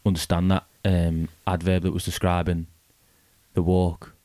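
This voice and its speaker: A man's voice: low-pitched, level tone, measured pace, dark tone, dry recording. A man chatting on a podcast, rambling and searching for words as he explains. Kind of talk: casual chat.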